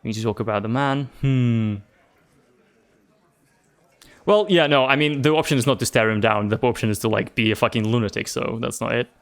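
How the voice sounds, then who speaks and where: A man's voice: medium pitch, fast, creaky. A man playing a game on stream, reading its narration aloud and chatting casually. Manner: reads narration aloud, laughs often.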